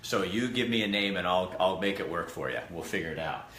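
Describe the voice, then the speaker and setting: A man's voice: deep voice, fairly quick, fairly bright tone. A man hosting a casual vlog, rambling and earnest as he tells a story and talks to viewers. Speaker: host. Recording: echoey room with faint background noise.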